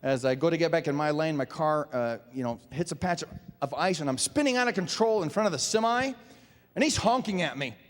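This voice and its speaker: Lively high-voiced male stand-up comic. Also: fairly quick. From Nebraska, USA. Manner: animated storytelling with acted-out voices. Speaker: stand-up comedian. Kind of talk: stand-up comedy set. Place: large performing arts theater. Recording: live stage in an echoey hall.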